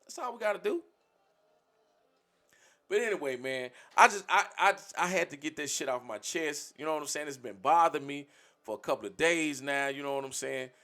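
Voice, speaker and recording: A man's voice: fairly high pitch, lively intonation, brisk, pushed and bright. A man on a livestream, speaking bluntly and profanely, lecturing his community in a preachy rant.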